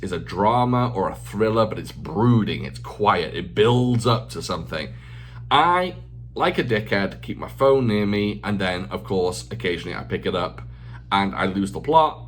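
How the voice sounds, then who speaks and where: A man's voice: on the low side, a little hiss or hum. A man in his forties hosting a casual vlog, talking off the cuff in a self-mocking rant, swearing freely and repeating phrases for emphasis. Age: 40s. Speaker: channel host. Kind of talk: casual unscripted vlog talk.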